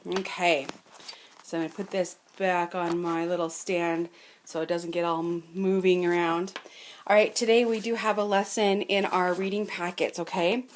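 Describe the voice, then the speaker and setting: A woman's voice: on the low side, steady tone, normal speed, a little hiss or hum. A woman teaching fourth graders a reading lesson from home, explaining patiently in a sing-song way and stretching out sounds. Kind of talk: remote lesson to children.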